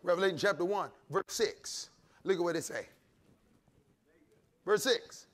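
A male pastor preaching a sermon, shouting and calling on the congregation to answer back. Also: sits high, a little fast. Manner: preaching with shouts and call-and-response.

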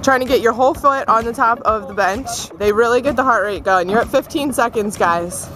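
A woman's voice: on the high side, fairly quick, noisy background. A young woman leading an outdoor workout, giving upbeat step-by-step cues and encouragement. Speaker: fitness instructor. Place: outdoors in a beach park with benches.

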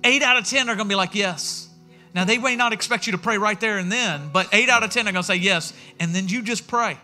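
Male pastor, high bright voice, chatty sermon delivery. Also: a little fast, soft background music. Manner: conversational storytelling, acts out quoted voices. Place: church sanctuary.

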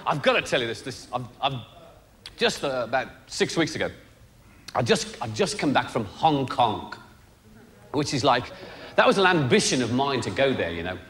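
A man telling a rambling, animated story as a stand-up monologue. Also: medium pitch, normal speed, slight background noise.

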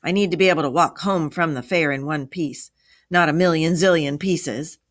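A woman's voice: deep voice, normal speed, close to an everyday voice. A woman voicing a grumpy, joking older man in a storybook read-aloud, with dry, teasing lines.

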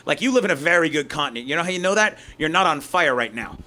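A man from North America doing a loud, profane, ranting stand-up comedy set on a club stage. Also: on the high side, expressive, quick pace, crowd noise.

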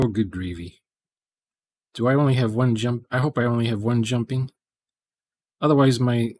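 A man's voice: mid-range voice, a little mellow, dry recording. A man hosting a programming livestream, rambling in casual chat and muttering to himself as he codes. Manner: rambling, muttering asides while coding.

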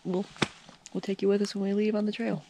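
A woman's voice: medium pitch, fast talker, heavy background noise. A woman vlogging a hike, chatting casually to her handheld camera at an outdoor campsite. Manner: relaxed, chatty, with many fillers. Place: outdoor campsite by a trail shelter. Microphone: handheld camera held by the speaker.

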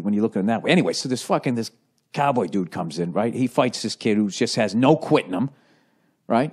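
A man, a comedian hosting a podcast, telling a story in a casual, rambling monologue full of swearing and restarts. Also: mid-range voice. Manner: profane, animated storytelling with many restarts.

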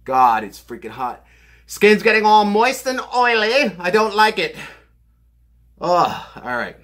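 A young man reviewing a fitness supplement in a brash, profane, hyper way, out of breath and hot, joking and shouting often. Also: sits high, very animated, slow pace. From New Jersey. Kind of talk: loud joking product review vlog. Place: basement room.

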